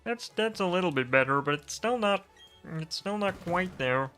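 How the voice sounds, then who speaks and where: A man voicing Kermit the Frog, a gentle male puppet frog, humming and halting before he speaks. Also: high-pitched, animated, soft background music, voice pushed up. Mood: wistful.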